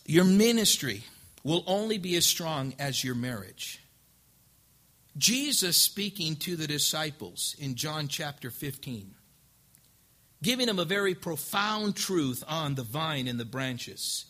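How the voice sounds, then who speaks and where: A male pastor preaching a lively sermon, acting out the couples he counsels and rising to loud emphasis. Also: on the high side, slow pace.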